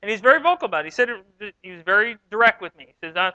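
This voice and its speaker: A man from New York giving a sermon as pastor, telling stories in a relaxed, self-deprecating way. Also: high-pitched, very fast, few pauses, smooth, no echo, highs cut off. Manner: conversational, self-deprecating storytelling. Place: church sanctuary.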